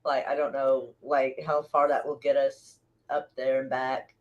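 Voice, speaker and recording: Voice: medium pitch, level tone, measured pace, lo-fi sound. American streamer just chatting, laid-back, kinda amused, easy drawl. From United States. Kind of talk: casual chat.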